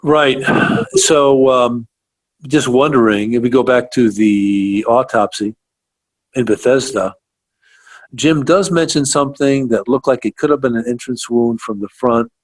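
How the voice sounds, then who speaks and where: A man's voice: medium pitch, measured pace, no room sound. A man hosting a radio interview, asking questions and reacting with surprised interjections. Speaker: radio show host.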